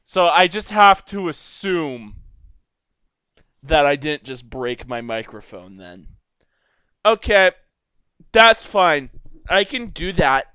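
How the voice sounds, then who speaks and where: A young man giving goofy, rambling solo commentary over a video game, now and then breaking into loud silly shouting. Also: a little high, animated, slow, long pauses, smooth, no echo, studio quality. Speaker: gameplay commentator. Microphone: desk microphone.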